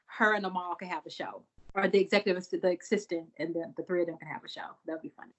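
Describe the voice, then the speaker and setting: A woman chatting casually on a group podcast, animated, acting out quotes with big jumps in her voice. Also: fairly low pitch, racing. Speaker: podcast co-host. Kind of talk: casual group chat about a TV episode.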